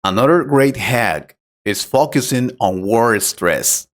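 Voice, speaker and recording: A man acting as an English teacher who explains pronunciation tips patiently and clearly in a scripted conversation lesson. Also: medium pitch, animated, slow pace, a bit bright.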